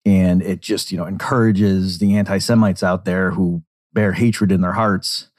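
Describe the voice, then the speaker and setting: A man's voice: deep voice, steady tone, measured pace, darkish tone. A man giving digressive, explanatory commentary on interview clips. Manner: digressive, explanatory, acts out quotes.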